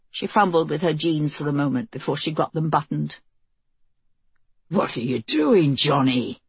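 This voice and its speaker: A woman narrating an audiobook in a measured, intense storytelling manner. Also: sits low, husky, dry recording. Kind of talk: scripted narration.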